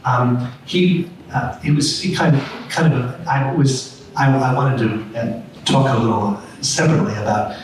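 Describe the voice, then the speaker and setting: Speaking at a moderate pace in a mid-range voice, this artistic director runs a panel discussion before the public in a big room. His talk wanders, with frequent restarts and fillers, captured by a distant mic amid echo and faint noise.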